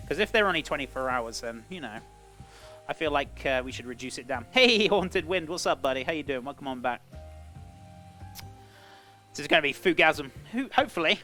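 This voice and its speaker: Chatty British man with a bright voice. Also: medium pitch, expressive, fairly quick, pauses often, faint music behind. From Britain. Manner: chatty, rambling, greets chat as "buddy". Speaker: cooking streamer. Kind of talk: casual live-stream chat while cooking.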